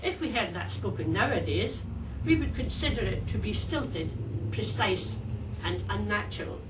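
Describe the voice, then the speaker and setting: An older woman with a Scottish accent delivering a prepared, humorous speech at a speakers club in a wry, measured, deliberate way. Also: mid-range voice, animated. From Scotland. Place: club meeting room. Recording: echoey room, distant mic, faint hiss.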